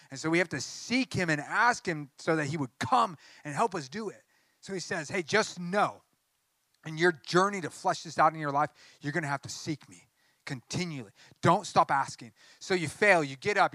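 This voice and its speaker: A man's voice: high-pitched, pushed and bright, dry recording. A young man teaching a Bible class in a casual, earnest sermon style, turning fervent as he speaks to God. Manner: casual, earnest, rises to fervent pleading in prayer.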